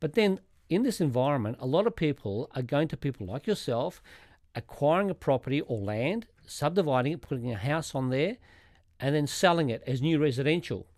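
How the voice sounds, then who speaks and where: Aussie accountant guy, highish voice, walks thru tax stuff step by step, dry close mic. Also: lively intonation, fairly quick, darkish tone, dry recording. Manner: methodical, walks through examples step by step. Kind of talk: explaining tax rules in a podcast.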